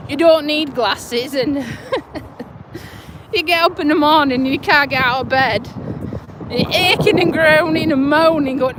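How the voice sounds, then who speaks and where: A middle-aged woman talks in a high, unhurried voice while walking outside. She rambles in a chatty, self-mocking way, swearing casually and chuckling. The phone recording is full of wind and passing traffic. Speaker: vlogger. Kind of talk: casual live-stream chat while walking. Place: outdoors on a windy walk near roads. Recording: wind and traffic noise outdoors.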